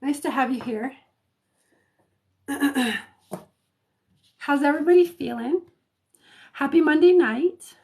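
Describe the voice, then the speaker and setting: Slow-talking chatty woman host. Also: sits high, dark tone. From Colorado, United States. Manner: chatty, laughs often, frequent ums and restarts. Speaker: intuitive reader, live stream host. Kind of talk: casual live-stream chat greeting viewers. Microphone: phone or webcam mic, live stream.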